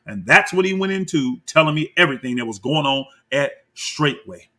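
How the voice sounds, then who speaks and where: A man's voice: a little high, normal speed. A man giving heated, combative commentary, calling out people by name and talking straight to his viewers. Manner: animated and combative, addresses viewers as y'all. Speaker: commentator reacting to clips.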